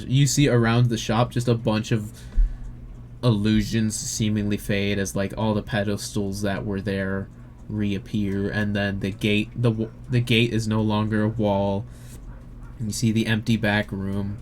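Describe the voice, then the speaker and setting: Low-voiced man running a tabletop game. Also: unhurried, slight background noise. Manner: relaxed, hesitant with fillers. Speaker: game master.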